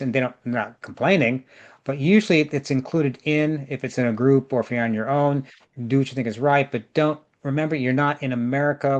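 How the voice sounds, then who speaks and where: A man's voice: mid-range voice, muffled recording. A man organizing a group tour, giving chatty, jokey travel advice over a video call and repeating words for emphasis.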